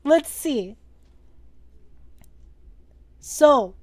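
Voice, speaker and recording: A young woman hosts a casual live-streamed drawing lesson with a slightly high voice. She is playful and excitable, jokes with her viewers and swears in passing. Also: very slow, pauses often.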